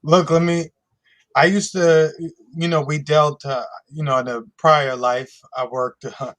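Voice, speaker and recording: Man, co-host, slightly high voice, laid-back storyteller, laughs often. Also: steady tone, a little slow, fairly bright tone. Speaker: podcast co-host. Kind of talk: casual chat.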